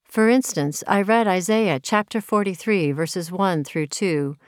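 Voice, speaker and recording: A woman's voice: fairly low pitch, measured pace, no echo, clean studio sound. A woman from Minnesota reading her own personal story of faith aloud in an earnest, reflective way. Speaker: narrator.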